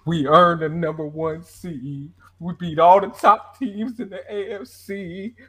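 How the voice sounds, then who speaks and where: A man's voice: high voice, fairly even intonation, unhurried, a bit bright, breathy edge, exaggerated voice. A man mocking his co-host with a whiny, complaining impression on a sports talk show. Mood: whiny mockery. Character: whiny grown man complaining about respect.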